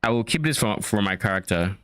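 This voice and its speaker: A young man chatting casually while playing a game, relaxed, swearing lightly and trailing off mid-thought. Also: lowish voice, fast, clear, resonant tone, no echo, clean studio sound. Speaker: co-player. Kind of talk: casual gaming chat.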